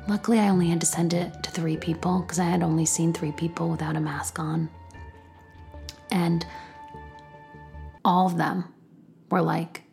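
Gravelly-voiced chatty woman. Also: lowish voice, steady tone, normal speed, a little mellow, faint music behind. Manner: chatty, self-deprecating, acts out both sides of conversations. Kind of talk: candid personal storytelling.

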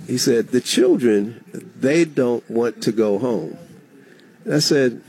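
A man's voice: mid-range voice, measured pace, breathy edge. A middle-aged man, a former state legislator, telling a story as a guest in a radio interview. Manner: animated storyteller, acts out quoted dialogue.

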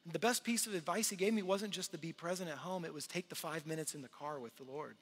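Earnest pastor in an echoing hall. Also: male voice, a little high, quick pace. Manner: conversational, earnest, swings from loud to hushed. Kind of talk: sermon. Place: large church hall. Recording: long hall reverb.

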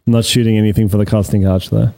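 Easygoing low-voiced man musing aloud. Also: level tone, fast, creaky, dark tone, a little hiss or hum. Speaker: podcast co-host. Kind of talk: casual chat. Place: podcast studio set with lights.

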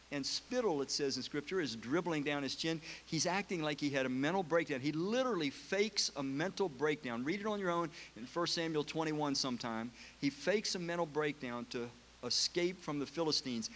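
A man preaches in an earnest, emphatic way, reading verses aloud and stopping to ask his listeners questions. His voice sits a little higher than most men's. The delivery is a sermon throughout. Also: fairly bright tone.

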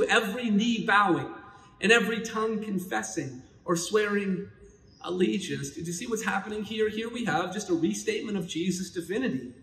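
A man preaching a sermon as pastor, emphatic, building louder and quicker at the high points. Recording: echoey hall with long reverb.

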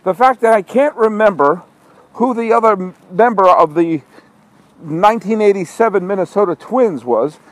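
A man's voice: extremely high pitch, no room sound, poor audio. A man hosting a walking monologue podcast from an outdoor parking lot at night, scolding himself in an exasperated ramble. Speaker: podcast host. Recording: outdoor street noise, truck backing up.

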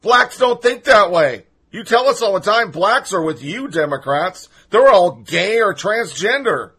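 A man's voice: high-pitched, lively intonation, measured pace, fairly bright tone, breathy edge. A man hosting a podcast, ranting through political commentary in a sarcastic, profane and mocking way. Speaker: podcast host.

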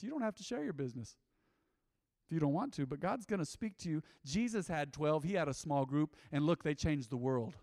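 A man preaching a sermon in a church, animated and emphatic, acting out quotes. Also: on the high side, brisk, no echo, studio quality, big-room sound. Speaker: pastor.

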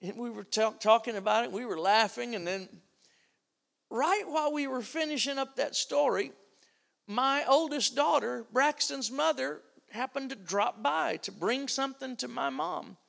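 A man's voice: extremely high pitch, moderate pace, vocal fry, fairly bright tone. A middle-aged man preaching a sermon, telling a family story and acting out its dialogue.

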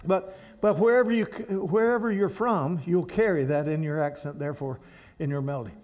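A man's voice: a little high, normal speed, darkish tone. A man from Kentucky with an Appalachian accent, a guest speaker at a church who preaches in a folksy storytelling way. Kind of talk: storytelling sermon.

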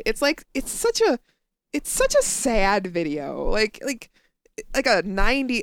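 Woman podcast co-host, lively sarcastic delivery, smooth clear voice, dry close sound. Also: mid-range voice, no echo. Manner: animated, laughs often, sarcastic. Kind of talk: casual chat.

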